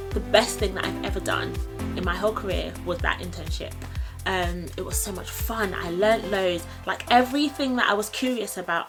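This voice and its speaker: Young woman vlogging, animated storyteller, music running underneath. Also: mid-range voice, rough recording. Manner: animated, acts out quoted voices. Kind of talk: casual storytelling to camera.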